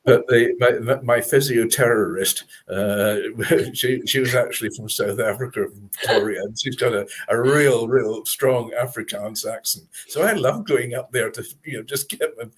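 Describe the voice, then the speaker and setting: A man's voice: medium pitch, normal speed, few pauses, husky. A Scottish man telling chatty, self-deprecating stories as a guest on a video-call interview. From Scotland. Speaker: guest author and speaker. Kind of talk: casual interview chat.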